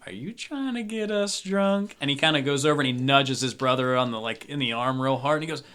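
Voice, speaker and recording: A man voicing a brash, rowdy young cowboy outlaw in a tabletop game, loud and drawling. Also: medium pitch, a little fast, clean tone, lightly acted. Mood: suspicious, rowdy.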